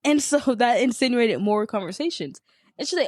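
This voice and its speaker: A woman's voice: on the high side, sing-song, fairly quick, darkish tone, dry recording, clean studio sound. A young woman, a podcast co-host, telling a story in casual chat, swearing and acting out the people she quotes.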